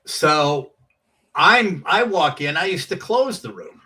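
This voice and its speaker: A man's voice: on the high side, lively intonation, slow pace, sharp tone, distant mic. A middle-aged man, a guest comedian, telling rambling anecdotes on a chat show and acting out the quotes.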